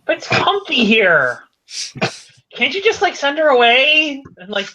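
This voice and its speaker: A woman's voice: high voice, sing-song, fairly quick, bright, forceful tone, muffled recording, pitched above the performer's own voice, heavily acted. A woman doing Lena, a pouty whiny girl. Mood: whining. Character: playful, vain young woman who whines.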